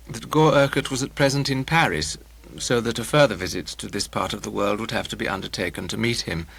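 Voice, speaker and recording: A man's voice: medium pitch, gravelly, fairly bright tone, slightly rough, poor audio. A man narrating a comic novel in an audiobook, with a wry, dry delivery.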